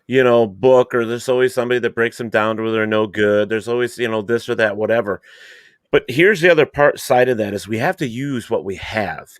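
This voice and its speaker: A man, a paranormal investigator guest, talking in a halting, rambling way in casual podcast chat. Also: mid-range voice, no echo, studio quality.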